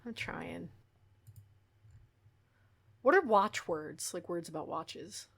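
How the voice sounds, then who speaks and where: Lowish-voiced laughing woman podcaster. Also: animated, slow, gravelly, breathy edge. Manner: laughing, swearing, lots of fillers. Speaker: podcast co-host. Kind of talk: casual chat. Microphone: podcast mic.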